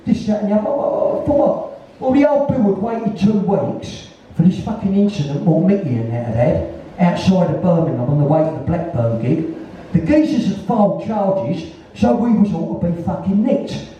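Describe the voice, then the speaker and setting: A man's voice: high voice, mellow, a little hiss or hum. A man of about sixty with a London Cockney accent, a guest at a live onstage conversation, telling a blunt, rambling story full of swearing. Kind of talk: anecdotal storytelling. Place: live music venue, in front of an audience. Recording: echoey venue, distant and dull.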